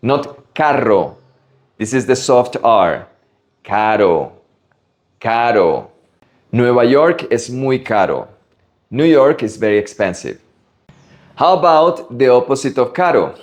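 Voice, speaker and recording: Guy from latin america teaching spanish words, slow careful drills, voice goes up and down a lot. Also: medium pitch. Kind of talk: vocabulary lesson.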